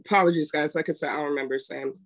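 A woman's voice: low-pitched, steady tone, racing. A woman co-hosting a casual chat, telling stories emphatically and acting out what people said. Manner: emphatic, retells scenes with quoted voices. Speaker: podcast co-host.

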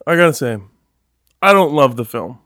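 A man's voice: medium pitch, lively intonation, a bit bright, no room sound, clean studio sound. Chatty man co-hosting a podcast. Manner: chatty, laughing, halting restarts. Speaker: podcast co-host. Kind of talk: casual chat.

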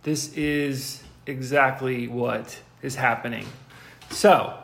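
A young father hosting a casual podcast, gently and patiently coaxing his toddler to say words. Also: medium pitch, steady tone, slow, creaky, echoey room. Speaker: podcast host.

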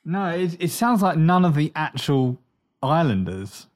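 A co-host on a casual podcast chat, reacting with animated exclamations and swearing when surprised. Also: mid-range voice, a little slow.

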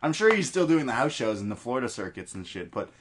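A man's voice: mid-range voice, big pitch swings, quick pace, slightly rough. A man co-hosting a podcast in casual chat. He talks bluntly, swears freely and laughs often. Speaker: podcast co-host.

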